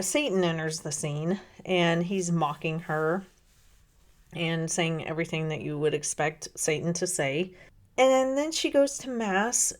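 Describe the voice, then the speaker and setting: A woman hosting a devotional podcast, reading a spiritual diary aloud and then reflecting on it in an earnest, thoughtful way, wondering aloud. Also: mid-range voice. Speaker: podcast host.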